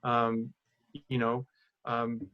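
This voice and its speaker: A mid-pitched male co-host chatting casually on a podcast. He sounds laid-back and hesitant, and his voice comes through a slightly dull, lo-fi recording. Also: monotone, very slow. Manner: laid-back, hesitant, often says "you know what I mean".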